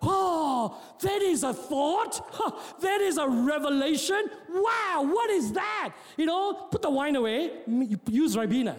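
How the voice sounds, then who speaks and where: A man's voice: very high-pitched, very animated, normal speed. A man preaching a sermon as pastor, mixing jokes with rousing calls and often repeating and restarting his words. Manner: preaching with joking asides, rising to shouts. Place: church hall. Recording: long hall reverb.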